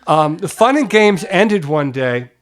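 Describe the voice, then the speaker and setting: A middle-aged man from Pennsylvania, a guest musician, telling animated stories in a relaxed interview, swearing casually and laughing as he talks. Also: on the high side, measured pace. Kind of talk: relaxed storytelling.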